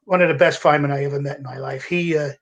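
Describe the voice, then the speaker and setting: An older man, a retired fire captain telling gruff, animated stories as a podcast guest. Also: on the high side, very fast, muffled recording, over a noisy crowd. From United States. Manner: animated storyteller with a gruff, salty edge, acting out voices and laughing. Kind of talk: casual storytelling.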